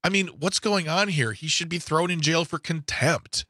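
Chatty bright-voiced male radio co-host. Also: fairly high pitch, no echo, studio quality. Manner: chatty, jokey, quick to agree. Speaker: radio talk show co-host. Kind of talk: casual talk radio discussion. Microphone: studio microphone.

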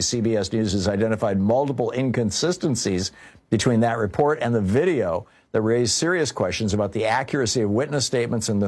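A man's voice: medium pitch, a little mellow. A man hosting a political call-in radio show, sarcastic about the news and then earnest and alarmed, often restarting his sentences. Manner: halting, with repeated restarts. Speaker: radio talk show host.

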